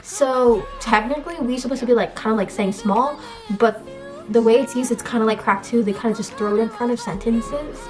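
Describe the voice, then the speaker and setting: A woman's voice: a little high, brisk, a little mellow, faint music behind. A young woman from the US, chatting casually in a vlog and explaining words with lots of fillers. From United States. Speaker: vlogger.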